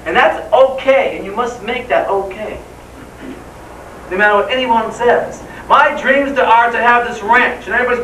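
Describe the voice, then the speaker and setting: A man with a very high, bright voice gives an enthusiastic motivational talk, tossing rhetorical questions at the crowd. He sounds distant from the mic, his voice ringing through a roomy hall over a faint hum. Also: normal speed. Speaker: motivational speaker. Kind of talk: live seminar speech. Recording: echoey hall, voice from far off.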